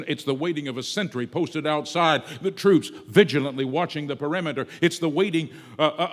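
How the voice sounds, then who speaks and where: A man preaching a sermon to a congregation, swinging between soft asides and loud, drawn-out emphatic words. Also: on the high side. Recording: long reverb of a large hall.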